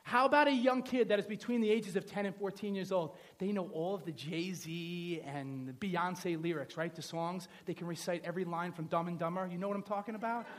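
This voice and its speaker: A pastor from the New York area preaching a sermon in a lively, joking, conversational way, often checking in with "right?". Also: male voice, high voice, brisk, hardly any pauses. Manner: animated, conversational, joking, asks the audience "right?".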